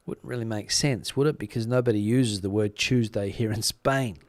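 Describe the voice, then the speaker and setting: A man's voice: fairly low pitch, moderate pace, no room sound, studio quality. Rambling middle-aged Australian man, live-streaming. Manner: relaxed, rambling, many fillers and restarts. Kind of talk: casual live-stream chat reading comments.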